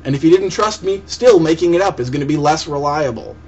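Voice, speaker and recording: A man's voice: on the high side, brisk, darkish tone, muffled recording. Profane angry young man ranting. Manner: profane, heated, sarcastic, mocking quotes. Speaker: vlogger answering a commenter. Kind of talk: angry video rant.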